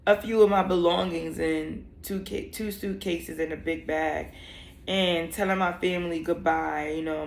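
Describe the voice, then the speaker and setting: A woman's voice: sits low, gravelly, roomy sound, a little hiss or hum. A young woman telling a personal story in a vlog, candid and emotional, rambling with many fillers. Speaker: vlogger.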